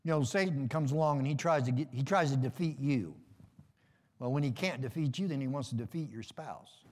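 A man's voice: medium pitch, fairly quick, a little mellow, in a large hall. A middle-aged man preaching a sermon in a folksy, joking way, calling for amens. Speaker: pastor.

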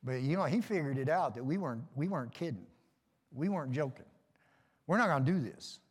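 A man's voice: fairly high pitch, lively intonation, a little fast, husky, in a large hall. A middle-aged man preaching a sermon in a folksy, joking way, calling for amens. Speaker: pastor.

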